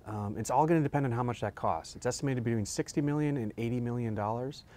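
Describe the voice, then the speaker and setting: A man's voice: mid-range voice, fast, warm tone. Man giving a loose, informal news update. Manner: unscripted, with fillers and restarts. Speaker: news reporter.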